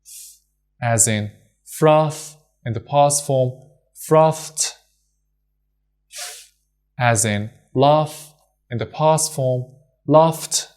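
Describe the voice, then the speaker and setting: Slow, deliberate male pronunciation teacher. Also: medium pitch, a little mellow, clean tone, soft background music. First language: Persian. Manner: slow and deliberate, repeating example words. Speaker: English teacher. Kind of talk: scripted pronunciation lesson.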